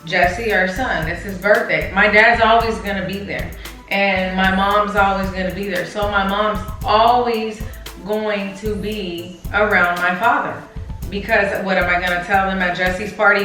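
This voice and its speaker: A woman co-hosting a channel, talking about a painful family topic in a halting, tearful way, often repeating words and addressing viewers directly. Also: mid-range voice, steady tone, pushed and bright, very echoey, far from the mic, soft background music. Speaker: co-host. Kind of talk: emotional personal talk to viewers.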